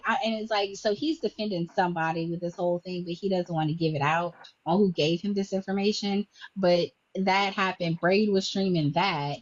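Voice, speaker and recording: A woman's voice: on the low side, fairly even intonation, no echo, highs cut off. A woman in casual chat, recapping a chain of online arguments and acting out what each person said. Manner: rapid storytelling, acting out quotes. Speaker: recapping livestream drama for a panel.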